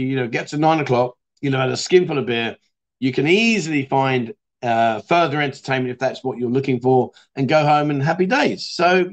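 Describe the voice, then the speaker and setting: A man's voice: on the high side, fairly bright tone. A middle-aged man hosting a casual livestream chat show, talking matily and reading out viewer comments. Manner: chatty, matey, reads out viewer comments. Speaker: livestream host.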